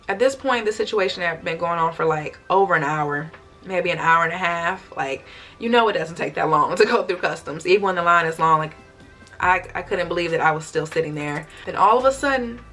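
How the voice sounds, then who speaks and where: Chatty young woman telling a storytime. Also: fairly low pitch. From United States. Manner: chatty, expressive retelling with acted-out quotes. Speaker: vlogger. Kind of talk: storytime vlog.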